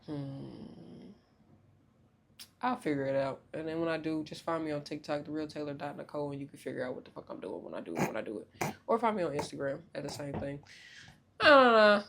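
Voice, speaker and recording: A young woman hosting a podcast in casual chat, loud, joking and profane, with big swoops in pitch. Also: gravelly, slight background noise. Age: young adult. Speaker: podcast host.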